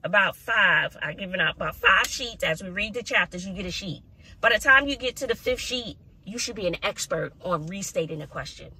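A woman teacher vlogs straight to the camera from her classroom. Her voice sits at a middling pitch. She talks in an expressive, venting way, laughing and sighing as she goes. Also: breathy edge. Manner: expressive, ranting, sighs and laughs often. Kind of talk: casual vlog talk to camera.

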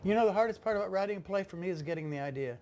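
Fast, self-deprecating man with a higher voice. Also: lively intonation, a little mellow. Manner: quick, self-deprecating, tumbling phrases. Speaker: interviewee, playwright. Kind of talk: candid interview answer.

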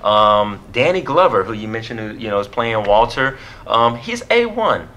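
A man's voice: medium pitch, sing-song, moderate pace, a bit bright. A man co-hosting a movie review, chatting casually, joking and laughing often.

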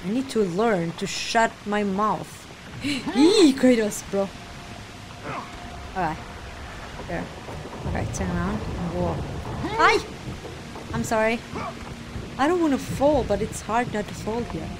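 A woman playing a video game, reacting excitably and cheering on the character. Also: medium pitch, measured pace, long pauses, background noise. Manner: excitable, exclaiming, talks to the character. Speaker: gamer streamer. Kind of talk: live gameplay reactions. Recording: voice over loud game music.

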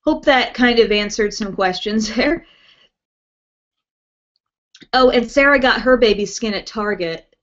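A woman's voice: fairly high pitch, unhurried, pauses often, a bit bright. A woman hosting a casual beauty live stream from home, chatting and reading out viewer comments with lots of ums and little laughs. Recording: dull lo-fi webcast audio.

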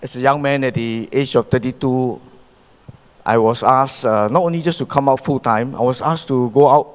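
A middle-aged Malaysian pastor giving a sermon in a church, with animated preaching and frequent rhetorical questions. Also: male voice, medium pitch, moderate pace. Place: church hall. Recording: long church hall reverb.

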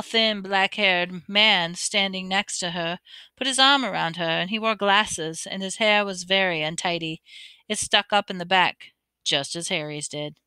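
A woman's voice: medium pitch, bright, forceful tone, clear, resonant tone, no echo. A woman narrating a novel chapter aloud, reading expressively with occasional stumbles. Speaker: audiobook reader. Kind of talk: amateur audiobook narration.

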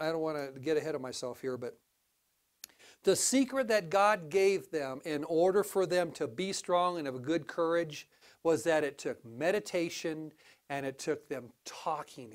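A pastor gives an animated sermon in church, breaking into sudden exclamations, sinking to low asides, and restarting frequently.

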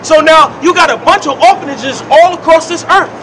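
A man preaching on a city street outdoors, combative and lecturing, often raising his voice to a shout. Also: very high voice, normal speed, a little hiss or hum.

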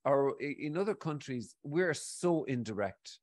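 A man's voice: mid-range voice, measured pace. An Irish man in his forties, rambling and swearing freely in casual conversation as a guest. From Ireland. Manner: rambling, frequent swearing, animated. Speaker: guest speaker.

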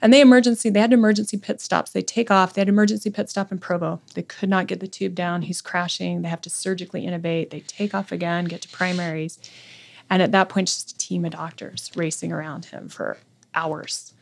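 A woman's voice: lowish voice, steady tone, brisk, vocal fry. A middle-aged woman, a podcast guest, intensely retelling a story with lots of quoted speech. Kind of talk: conversational storytelling.

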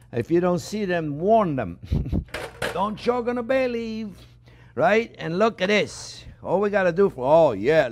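Animated chatty man chef. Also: a little high. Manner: animated and chatty, with many fillers and repeated exclamations. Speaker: chef hosting a cooking show. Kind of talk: casual cooking demonstration.

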